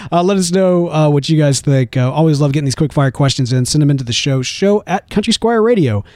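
A man's voice: a little high, expressive, fast, darkish tone. Laid-back American man, podcast co-host. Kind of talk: casual podcast chat.

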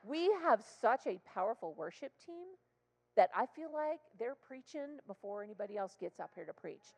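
A woman's voice: medium pitch, very animated, moderate pace, creaky. Passionate woman preaching in a church hall. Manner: passionate, rising to loud exclamations. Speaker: guest speaker. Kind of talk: sermon. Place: church sanctuary.

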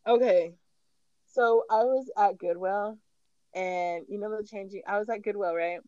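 A woman's voice: medium pitch, unhurried, dark tone, no echo, lo-fi sound. A woman co-hosting a casual chat, telling stories animatedly and laughing often. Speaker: podcast co-host.

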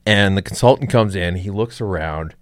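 A man telling an old work story in a casual chat, deadpan and swearing freely. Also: sits low, normal speed, dry recording, clean studio sound. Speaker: podcast guest, comedian.

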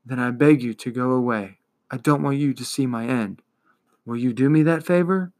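A man voicing a weary, despairing little male horse, speaking softly and low in a storybook reading. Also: normal speed, lightly acted. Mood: pleading.

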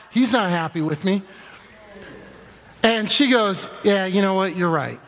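A man's voice: high-pitched, a little slow, long pauses. A man preaching a sermon to a congregation, telling a funny personal story and acting out the dialogue in voices. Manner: animated, acts out dialogue in quoted voices. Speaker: pastor. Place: church sanctuary before a congregation. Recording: long echoing reverb of a large hall.

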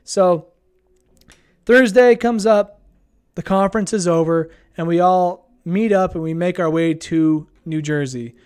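A young man with a fairly high voice recounts his trip in a loose, rambling vlog style. He talks laid-back and easygoing, dropping plenty of ums and uhs along the way. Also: a little slow, a little mellow, clear, resonant tone. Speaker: vlogger. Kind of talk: casual travel storytelling.

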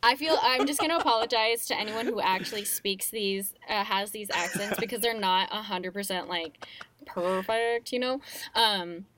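A young woman chatting casually as a guest, animated and playful, laughing often as she talks. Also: mid-range voice, normal speed. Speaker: guest, voice actor. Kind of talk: casual conversation.

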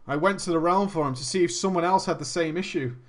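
A man telling a comic gaming story in an animated way, laughing and swearing often. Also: on the high side, fast talker.

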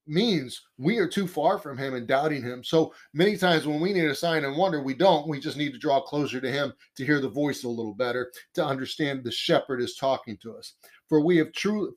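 A man teaching the Bible in a conversational sermon, earnest and emphatic, often repeating key phrases. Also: fairly high pitch.

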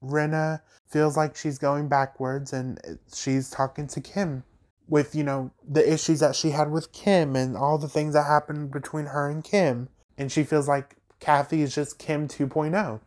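A man hosting a podcast, recapping and ranting about reality TV in an animated, emphatic way with sassy asides. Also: on the high side, measured pace. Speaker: podcast host.

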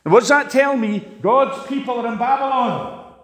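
A man preaching a sermon, impassioned, swinging sharply between loud and quiet. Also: moderate pace. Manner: impassioned, rises and drops sharply in pitch and volume. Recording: long hall reverb.

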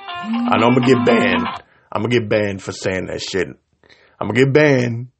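A man's voice: on the low side, normal speed, creaky, loud music behind the voice. A man hosting his own podcast, delivering an angry, heated, profanity-laced rant and tripping over his words. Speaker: podcast host. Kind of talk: ranting solo podcast.

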